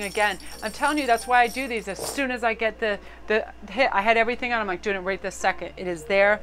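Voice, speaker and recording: A middle-aged woman giving a casual tarot reading to camera, excitable, swearing and laughing in bursts of energy. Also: medium pitch, fast, hardly any pauses, a little hiss or hum. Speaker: tarot card reader.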